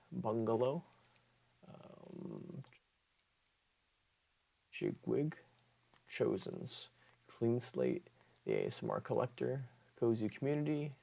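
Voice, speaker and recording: A man's voice: fairly low pitch, gravelly, a little mellow, slightly rough. A man who makes ASMR videos, talking casually to camera and often stopping to correct himself as he reads through a list. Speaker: ASMR creator.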